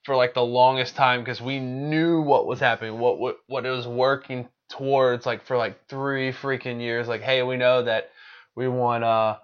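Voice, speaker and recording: A man's voice: medium pitch, little pitch movement, moderate pace, clean tone, muffled recording. A man co-hosting a podcast in casual chat, rambling, often saying "like" and losing his train of thought. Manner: rambling, heavy use of "like", trails off. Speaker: podcast co-host.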